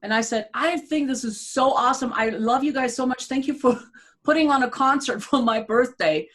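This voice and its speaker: A woman guest chats casually. Her voice is on the high side, and her manner is direct and blunt, broken up by frequent laughter. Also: normal speed, a bit bright. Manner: straightforward, blunt, laughs a lot. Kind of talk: casual chat.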